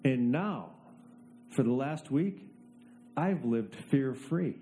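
A man preaching a sermon, telling a story with dry, self-mocking humor and dropping low and soft to make a point. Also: lively intonation, moderate pace.

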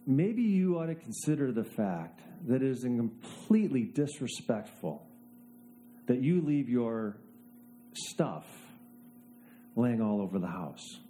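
A man quoting his wife as she scolds him in a flat, pointed way, barely changing his own voice. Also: medium pitch, slow pace, slight background noise. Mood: scolding. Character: annoyed wife scolding her husband.

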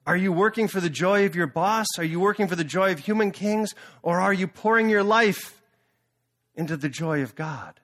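A male pastor preaching a sermon, telling a story in an animated, dramatic way. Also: high-pitched, normal speed.

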